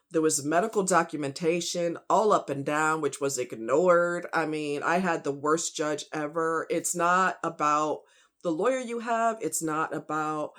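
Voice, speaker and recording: A woman telling a painful personal story off the cuff, emotional and rambling, with many fillers. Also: fairly low pitch.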